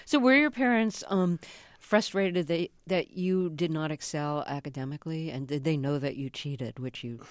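An interviewer asking a guest measured, curious questions. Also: mid-range voice, no echo, clean studio sound.

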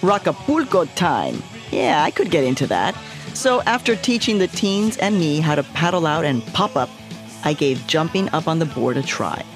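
A woman's voice: low voice, big pitch swings, moderate pace, music in the background. A woman reporter narrating a scripted radio feature with a wry, playful delivery.

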